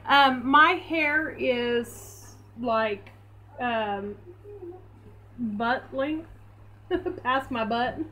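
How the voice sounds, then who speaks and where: A woman hosting a casual live stream, chatty and unhurried. Her voice sits fairly high, and she slips into cooing baby talk at her dog. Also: sharp tone, slight background noise.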